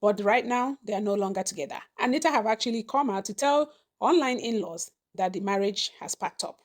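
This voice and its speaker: A woman's voice: medium pitch, brisk. A woman hosting a celebrity gossip show, chatty with conversational asides.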